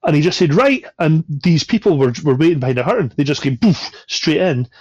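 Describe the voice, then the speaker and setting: A man's voice: on the high side, fairly quick, breathy edge, dry recording, highs cut off. A man, a podcast guest, telling a story casually and animatedly, acting out the voices of the people in it. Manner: animated, acts out quoted voices.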